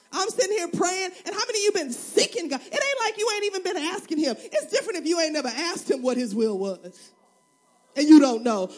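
High-voiced woman pastor preaching. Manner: animated, humorous, acts out prayers and everyday scenes; conversational, addresses the congregation directly. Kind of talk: sermon.

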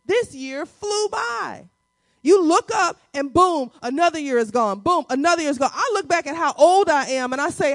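A woman in her forties preaching a sermon, with playful asides and key lines repeated slowly for the congregation. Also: animated, no room sound. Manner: playful asides with quick dips into a low, quiet voice. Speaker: pastor.

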